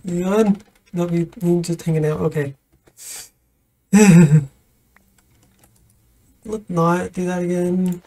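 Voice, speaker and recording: A woman's voice: lowish voice, fairly even intonation, slow pace, long pauses, mellow. A woman streamer giving casual let's-play commentary, laughing nervously and talking to the game's creatures.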